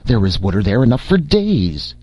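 A man's voice: on the low side, very animated, normal speed, warm tone, slightly rough, no echo, pitched above the performer's own voice. A man doing a gloomy, puzzled jailer. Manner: puzzled, plain-spoken. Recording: dull, dry lo-fi recording.

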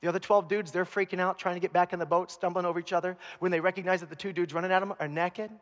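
A man preaching a sermon as pastor, telling the story with humor and animated asides. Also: sits high, racing, in a large hall. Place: church.

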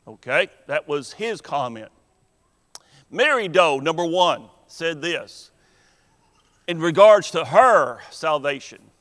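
A man preaching a sermon in a church, earnest and deliberate, with emphatic pauses. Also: fairly high pitch, animated, a bit bright. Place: church sanctuary. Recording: long hall reverb in a church.

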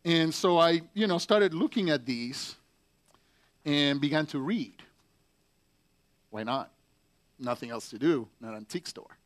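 Pastor telling a story. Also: male voice, a little high, slow, long pauses. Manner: conversational, drifts off with filler words. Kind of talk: storytelling sermon.

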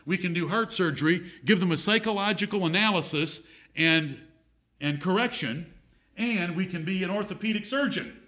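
A man's voice: sits high, normal speed, bright, forceful tone. A middle-aged man preaching a sermon, reading scripture aloud and repeating key phrases for emphasis.

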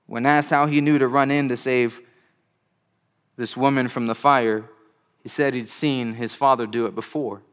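A man's voice: fairly even intonation, clear, resonant tone. Emphatic male preacher with dynamic delivery. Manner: emphatic preaching, swinging from loud peaks to hushed low lines; storytelling with quick asides. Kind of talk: sermon.

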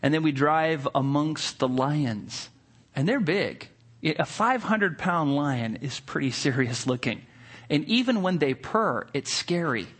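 A man preaching a sermon, telling a story in a conversational, wry and animated way before drawing the lesson. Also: fairly high pitch, measured pace, breathy edge. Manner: conversational, with frequent restarts. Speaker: pastor. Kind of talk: sermon illustration told as a story.

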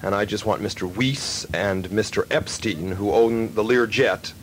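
A man hosting a radio show tells a long, rambling story in loose studio banter, animatedly acting out a phone call. His voice is on the low side and a little slow, with a slight hiss or hum in the recording.

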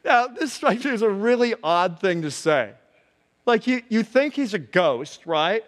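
A man preaching a sermon as pastor, telling the story in an animated way and laughing along as he goes. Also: sits high, unhurried, big-room sound.

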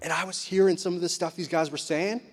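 A young man preaching a casual youth sermon as a youth pastor, chatty and animated, acting out voices as he talks. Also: high-pitched, fast. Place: church sanctuary. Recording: long reverb of a hall.

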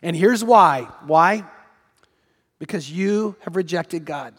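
A man with a high voice delivers a sermon from the pulpit. He preaches emphatically, repeating his main points and voicing the people he quotes. His words carry a long reverb through a large church hall. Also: slow. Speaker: pastor.

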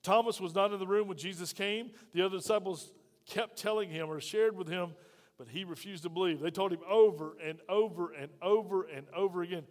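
Male pastor, high voice, emphatic sermon style, heavy hall reverb. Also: a little fast. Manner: emphatic, with frequent rhetorical questions to the congregation. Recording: long reverb of a large hall.

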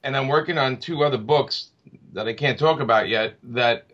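A man's voice: mid-range voice, normal speed. A man speaking as a comic book creator in a casual interview, rambling with many restarts and fillers. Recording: slightly dull lo-fi audio.

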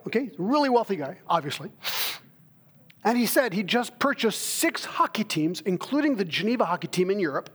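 Middle-aged pastor guy preaching, high voice, lively storytelling, acts out conversations. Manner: animated storytelling, acts out dialogue. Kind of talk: sermon.

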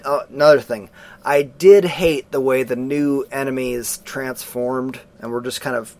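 A man co-hosting a casual movie review chat, animated and mocking, acting out quotes from the film. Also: mid-range voice, unhurried. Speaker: podcast co-host.

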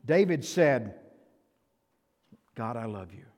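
An older male pastor preaching a sermon, emphatic and swinging from loud to soft, in a church sanctuary. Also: medium pitch, big pitch swings, takes it slowly. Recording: reverberant church hall.

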